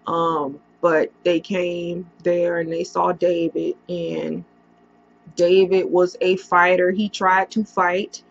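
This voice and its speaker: A woman speaks slowly into a computer mic, her voice gravelly with vocal fry. She tells a painful story from her past in a casual vlog, pausing and using fillers often. The audio is dull and lo-fi. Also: lowish voice. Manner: halting, emotional retelling with many pauses and fillers.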